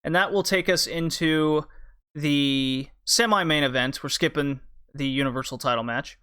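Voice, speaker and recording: Man, podcast host, casual chat, explanatory, bright tone. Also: fairly high pitch, moderate pace, clear, resonant tone. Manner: explanatory, leads the talk with questions.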